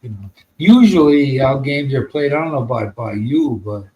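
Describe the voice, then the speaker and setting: A man's voice: mid-range voice, animated, moderate pace, mellow, lo-fi sound. An American man telling a long, rambling story in casual podcast chat, with plenty of swearing. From United States. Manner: rambling, profane, laid-back. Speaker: podcast host.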